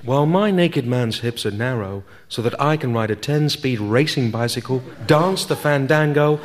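A man's voice: medium pitch, normal speed. A man giving a pompous, mock-educational scripted comic narration. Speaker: sketch performer. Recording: music bed behind.

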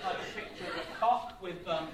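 Male stand-up, deadpan storyteller, caught from a distance in a live, noisy room. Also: high-pitched, brisk, a loud crowd. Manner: deadpan, absurd storytelling with asides. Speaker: stand-up comedian. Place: comedy venue with live audience. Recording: echoey club, distant mic, audience.

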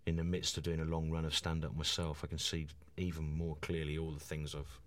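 A man in his forties, a stand-up comedian guesting on a radio chat, talking enthusiastically with halting restarts. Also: very deep voice, level tone, a bit bright.

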